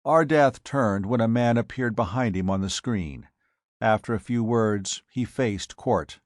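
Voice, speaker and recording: Slow, low-voiced male audiobook narrator. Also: no room sound, clean studio sound. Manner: measured, dramatic storytelling.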